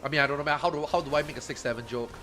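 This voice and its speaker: A man streaming an online game in casual chat, excitable, swearing freely and repeating himself. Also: on the high side, very fast, over music.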